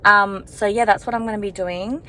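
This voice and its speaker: A young woman chats into her camera as she walks outdoors, her voice sitting at an ordinary middle pitch. She rambles in a relaxed, self-reflective way, peppering her talk with fillers. Faint outdoor noise sits far behind her. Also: fairly quick. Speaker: vlogger. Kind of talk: casual vlog chat. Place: walking outdoors.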